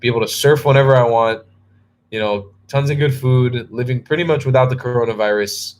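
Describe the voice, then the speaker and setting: A young man speaks fairly quickly in a mid-range voice, tired and yawning as he chats casually on a live stream. Answering viewers as a travel vlogger, he rambles and keeps restarting his sentences.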